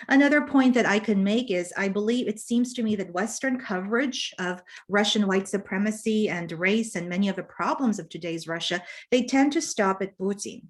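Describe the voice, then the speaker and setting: A woman presenting her research as a panelist in an academic talk, measured and thoughtful, with frequent fillers and restarts. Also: medium pitch.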